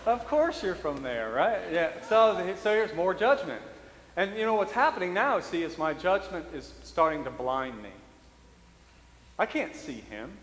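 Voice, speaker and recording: Male priest, humorous sermon, slightly high voice, long church reverb. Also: big pitch swings, measured pace, fairly bright tone, a little hiss or hum. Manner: humorous storytelling, self-mocking, chuckles often. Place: church sanctuary. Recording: roomy echoey church hall.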